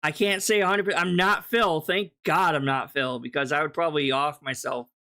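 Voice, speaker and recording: A man rants through reaction commentary with blunt, profane dismissiveness. His voice sits slightly high for a man, and he talks loosely and casually. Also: fairly even intonation, moderate pace, bright, forceful tone. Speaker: commentary streamer.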